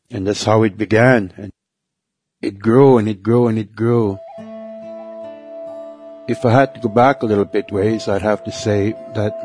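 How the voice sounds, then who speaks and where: Halting low-voiced man giving testimony. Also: dry recording. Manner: halting, repeats words, soft trailing phrases. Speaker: testimony speaker. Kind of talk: personal faith testimony. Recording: soft guitar music behind.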